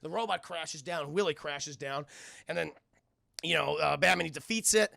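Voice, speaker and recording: A man streaming a casual recap of a cartoon episode, excitable, swearing often and restarting his sentences as he talks to his chat. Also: fairly high pitch, moderate pace, gravelly, no echo, studio quality.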